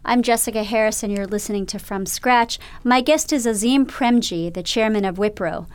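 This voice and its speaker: A woman hosting a radio interview show, narrating and asking measured, probing questions. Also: mid-range voice, clear, resonant tone.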